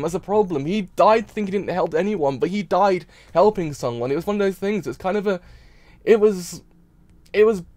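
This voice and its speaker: A man's voice: sits high, a little mellow, no echo. A man reacting to an anime episode in a casual stream, rambling and repeating himself while crying. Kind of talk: emotional casual reaction talk.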